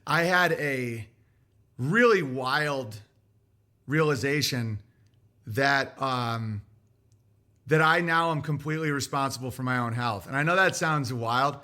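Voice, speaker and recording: Bright-voiced man rambling on a stream. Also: medium pitch. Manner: rambling, halting. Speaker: streamer reading viewer letters. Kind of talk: livestream monologue.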